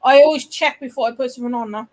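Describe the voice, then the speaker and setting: A woman's voice: high-pitched, fast, poor audio. A woman chatting casually with the host, stumbling and repeating words as she tells her own story. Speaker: guest. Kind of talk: casual chat.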